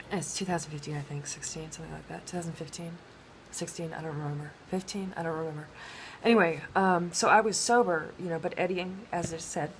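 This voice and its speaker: A woman talking in a rambling personal monologue, halting with many restarts and fillers. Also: low-pitched, slight background noise.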